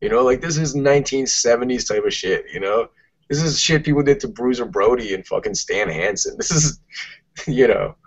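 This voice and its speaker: A man's voice: medium pitch, fairly quick. A man, co-hosting a casual podcast, ranting emphatically and swearing a lot. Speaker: podcast co-host. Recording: muffled lo-fi podcast audio.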